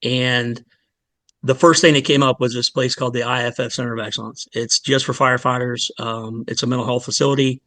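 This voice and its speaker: A middle-aged man, a fire lieutenant, telling his story in a candid podcast interview, earnest and halting with many pauses. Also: medium pitch, little pitch movement, fairly bright tone, dry recording. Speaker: fire department lieutenant, guest.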